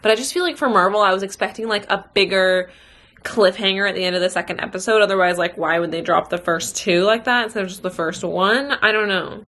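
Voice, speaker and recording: A woman's voice: mid-range voice, fast talker, fairly bright tone. Chatty woman rambling at home. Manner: rambling, chatty, self-deprecating. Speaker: vlogger. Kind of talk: casual vlog chat. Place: home office.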